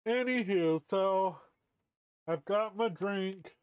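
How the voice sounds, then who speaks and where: A man streaming a game in slow, unhurried casual chat, his voice stuffy and muffled by a costume mask. He jokes, chuckles a lot and swears offhandedly, pitched a little high for a man. The audio is dull and lo-fi but dry, with no room sound. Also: clean tone, no room sound.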